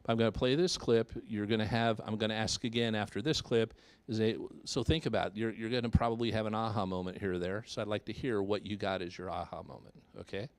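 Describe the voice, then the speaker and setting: Male real estate presenter, low-ish voice, patient explainer at a live seminar. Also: steady tone, quick pace, hardly any pauses, smooth, no room sound. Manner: explanatory, checks in with okay.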